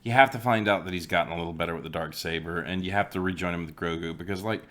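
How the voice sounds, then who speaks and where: A man's voice: deep voice, racing, a bit bright. A man co-hosting a casual chat, swearing freely and joking around. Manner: swears a lot, joking asides. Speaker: podcast co-host.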